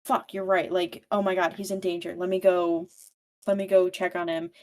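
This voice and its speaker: A woman's voice: lowish voice, level tone, moderate pace, close to an everyday voice. A woman quoting a frantic, blunt young heroine. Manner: exasperated, profane.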